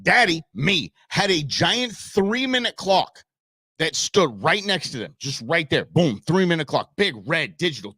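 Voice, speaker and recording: A man's voice: a little high, a little slow, breathy edge, no echo, studio quality. A middle-aged man hosting a live outdoors show from his desk, telling stories in a casual monologue and acting out what people said. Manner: animated storyteller acting out quotes. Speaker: show host. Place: home studio at a computer.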